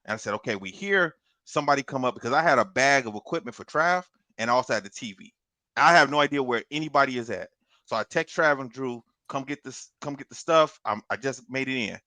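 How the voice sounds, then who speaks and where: A man on a podcast telling a long story in a casual, animated way, swearing and laughing as he goes. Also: mid-range voice, fast, no room sound. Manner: animated, profane, laughs through his story. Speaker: podcast co-host.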